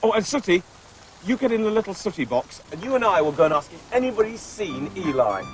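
A man's voice: sits high, sing-song, fairly quick, soft background music, poor audio. A middle-aged man hosting a children's TV puppet show, playful and chatty as he talks to his puppets. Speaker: puppeteer host.

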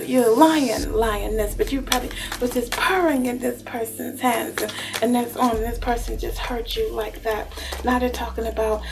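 A woman giving a tarot love reading in an animated, teasing way, often calling the listener baby. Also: a little high, vocal fry. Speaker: tarot reader.

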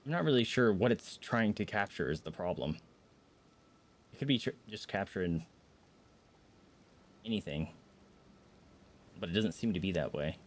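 Animated streamer man yelping at his game. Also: low voice, normal speed, pauses often. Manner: rambling, jumps to startled yelps and shouts. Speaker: gaming streamer. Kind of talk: live gameplay commentary.

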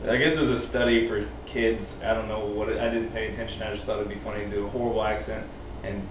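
A man's voice: lowish voice, level tone, quick pace. A young man, a comedian guest, telling casual comedic stories in a laid-back, rambling way full of fillers. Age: young adult. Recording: distant roomy mic with faint noise.

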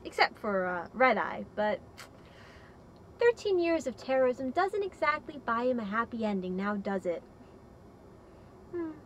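A woman plays a cold, smug crime boss who gives her orders with sly, sing-song mockery. Her voice is high and swoops widely, with faint background hiss. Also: big pitch swings, a little slow, long pauses.

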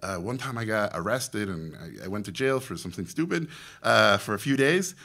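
Bright-voiced Mexican man telling stories. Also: fairly low pitch, normal speed. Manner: animated storyteller, acts out quoted voices. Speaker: guest speaker, animation director. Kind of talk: storytelling talk to students.

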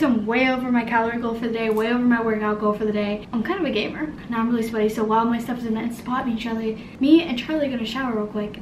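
Chatty high-voiced young woman vlogging. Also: a little hiss or hum. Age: 20s. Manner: bubbly, chatty, laughs often. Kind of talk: casual vlog chat.

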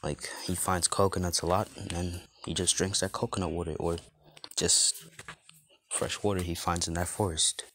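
Man, deep voice, casual storyteller, loose and rambling, lots of fillers. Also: little pitch movement, moderate pace, a bit bright, a little hiss or hum. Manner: rambling, many fillers and restarts. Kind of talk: casual fan-story retelling.

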